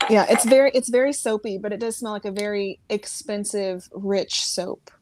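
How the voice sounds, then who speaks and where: A woman's voice: mid-range voice, normal speed, noisy background. A woman from the United States, a guest on a video call, chatting in a bubbly way, laughing often and saying "like" a lot. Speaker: guest fragrance reviewer. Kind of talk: casual video call chat.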